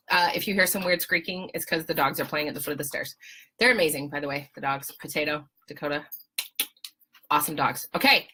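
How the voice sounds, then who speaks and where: A woman hosting a podcast, giving casual political commentary in an animated, sarcastic, exclamatory way. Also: mid-range voice, low-quality recording. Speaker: podcast host.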